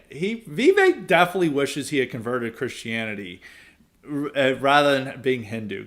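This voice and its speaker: Opinionated male podcast host. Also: on the high side. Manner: opinionated, rambling, with frequent asides and chuckles. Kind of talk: casual political commentary.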